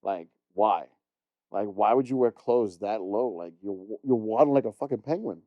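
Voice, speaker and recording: A man's voice: lowish voice, normal speed, dry recording, highs cut off. A middle-aged man co-hosting a casual podcast chat, ranting bluntly with lots of swearing. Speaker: podcast co-host.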